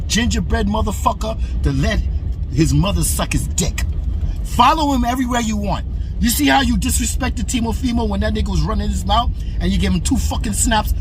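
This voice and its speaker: A man's voice: high-pitched, noisy background. A man hosting a boxing commentary channel, delivering a heated, profane opinion rant to camera. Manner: heated, aggressive, repetitive and profane.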